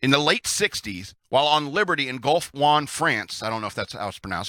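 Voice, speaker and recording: A man's voice: mid-range voice, lively intonation, moderate pace, few pauses, bright, forceful tone, no room sound, clean studio sound. A man hosting a casual storytelling session of Navy tales, who chuckles often and adds chatty asides. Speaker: host reading Navy stories.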